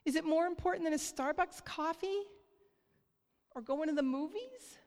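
A woman preaching a sermon in church, earnest and light, often laughing softly and checking in with the congregation. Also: very high voice, normal speed. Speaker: church speaker. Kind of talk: sermon on giving. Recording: long hall reverb.

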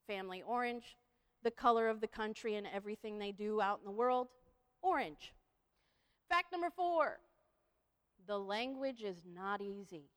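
A woman's voice: medium pitch, lively intonation, moderate pace, pauses often, a bit bright, clear, resonant tone. A woman giving a playful talk to an audience, leading them in repeating phrases. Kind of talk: lively presentation with audience participation. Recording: long hall reverb.

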